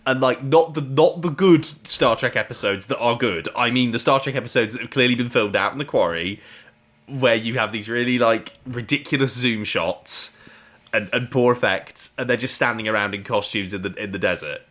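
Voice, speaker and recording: A man's voice: mid-range voice, normal speed, fairly bright tone. A man co-hosting a podcast, chatting casually about a TV serial in a rambling way. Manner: rambling, chatty, with frequent "like" and laughs. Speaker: podcast co-host. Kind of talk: casual chat reviewing a TV serial.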